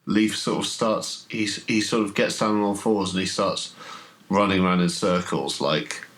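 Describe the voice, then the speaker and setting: A man running a horror tabletop game as game master, describing scenes in a halting way with many fillers. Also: low voice, fairly even intonation, a bit bright, rough recording.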